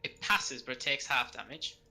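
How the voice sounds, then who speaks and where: A man's voice: medium pitch, creaky, sharp tone, rough recording. A man playing a tabletop game, talking casually and in stops and starts as he casts spells. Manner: chatty, stop-start, quick to laugh. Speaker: player casting spells.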